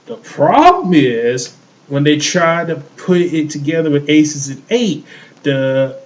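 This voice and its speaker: A man's voice: fairly high pitch, expressive, slow, highs cut off. A man co-hosting a show, ranting in heated casual chat, swearing often and repeating himself. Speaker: podcast co-host.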